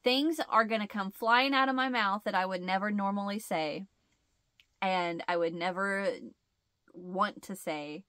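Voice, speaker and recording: A woman's voice: medium pitch, unhurried, sharp tone, no echo. A woman hosting a casual chat, rambling and laughing often, with a stuffed-up nasal sound. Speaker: host.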